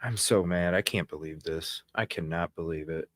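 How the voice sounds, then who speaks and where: A man's voice: low voice, moderate pace, no echo. A man hosting a live news stream, talking in agitated, indignant bursts that ramble with restarts.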